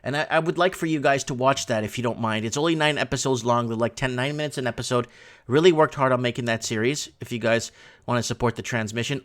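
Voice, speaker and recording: A man hosting a casual livestream from a home studio, talking through chat messages in an excitable, rambling way. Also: medium pitch. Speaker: livestream host.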